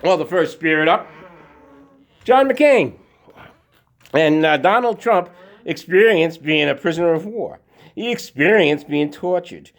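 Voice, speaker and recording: Man, slightly high voice, rambling casual opinion vlog from a garage, lots of fillers. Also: expressive, unhurried, pauses often. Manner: rambling political commentary with many fillers; talking while working out. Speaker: vlogger. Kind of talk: casual monologue. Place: home garage.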